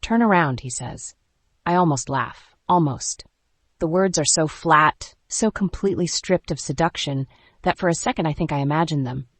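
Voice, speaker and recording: An audiobook narrator reads a first-person romance story at a mid pitch, measured and even, with short clipped pauses between phrases. The sound is close and dry, with no room around the voice. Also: dry recording.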